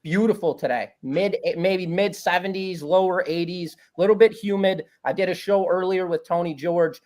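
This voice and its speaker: A man's voice: high-pitched, moderate pace, a little mellow. A man talking at length as a guest handicapper, breaking down games confidently in a casual chat. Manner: talkative, confident, rambling. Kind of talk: casual sports betting analysis.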